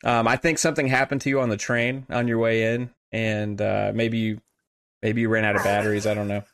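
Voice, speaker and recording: A man's voice: on the low side, level tone, fairly quick, a bit bright. Playful male podcast host. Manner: playful, joking, many fillers. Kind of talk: casual podcast chat. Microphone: online call setup.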